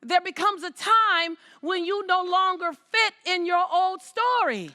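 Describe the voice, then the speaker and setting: A woman's voice: extremely high pitch, lively intonation, measured pace, pushed and bright. A woman giving an inspirational talk on stage before a live audience, speaking emphatically, repeating her phrases and calling out to the crowd. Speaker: motivational speaker.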